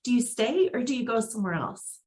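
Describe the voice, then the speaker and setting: A woman's voice: fairly high pitch, expressive, brisk, darkish tone, a little hiss or hum. A woman from South Dakota hosting a casual online interview, upbeat and encouraging. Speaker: host.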